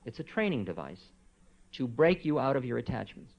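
Soft-spoken man giving a spiritual talk. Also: mid-range voice, brisk, creaky. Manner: relaxed, conversational, soft-spoken with frequent asides and quiet chuckles. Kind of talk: informal spiritual lecture. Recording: dull lo-fi tape recording.

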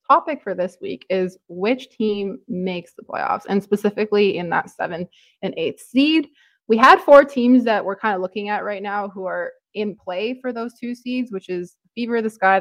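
A woman's voice: mid-range voice, moderate pace, no room sound. A young woman from Toronto co-hosting a podcast, chatting casually with lots of "like" and "um". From Toronto, Canada. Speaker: podcast co-host. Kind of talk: casual sports chat.

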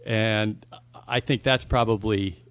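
A man's voice: fairly low pitch, fairly even intonation, slow pace, fairly bright tone, clean tone, no room sound. Agreeable male podcast co-host, dry sound. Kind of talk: casual chat.

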